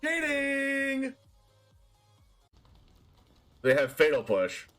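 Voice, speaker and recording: Hyped gamer guy, high lively voice, drawn-out slow yelling, laughs at his plays. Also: faint music behind. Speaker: streamer playing a card game. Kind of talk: live gameplay commentary.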